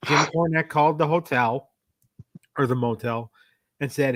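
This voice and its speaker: Male podcast co-host, mid-pitched, dry close mic, casual rambling storyteller. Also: normal speed, long pauses, fairly bright tone, no room sound. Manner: storytelling with acted-out quotes, loose and rambling. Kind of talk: casual wrestling review chat.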